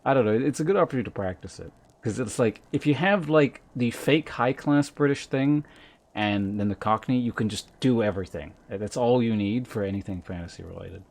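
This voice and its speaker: A young man streaming a game, musing in casual, relaxed commentary. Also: mid-range voice, fairly quick, vocal fry. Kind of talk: casual let's-play commentary. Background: faint game music.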